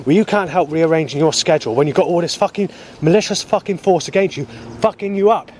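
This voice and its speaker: A man rambles angrily into a handheld camera out on a muddy path, swearing constantly. His voice sits a bit on the high side, with faint noise in the background. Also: quick pace, darkish tone. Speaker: video diarist. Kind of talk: rambling spoken video diary.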